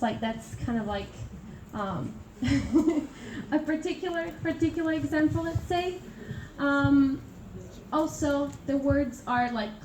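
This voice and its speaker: A young woman from Italy giving a classroom presentation, hesitant and full of fillers and restarts. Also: sits high. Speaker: international student presenter. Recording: echoey room from far off, noisy.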